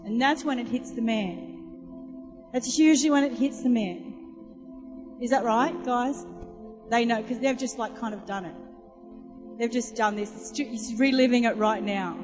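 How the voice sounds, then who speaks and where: A woman preaching a sermon, telling a personal story in an animated way and acting out other people's voices. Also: sits high. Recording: live sermon in a reverberant hall with music behind.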